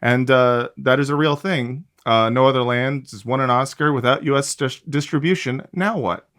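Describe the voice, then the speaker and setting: A man in the middle of the pitch range co-hosts a podcast. He talks in a loose, sarcastic way and rambles with plenty of fillers. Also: moderate pace, a bit bright. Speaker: podcast co-host. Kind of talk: casual podcast chat.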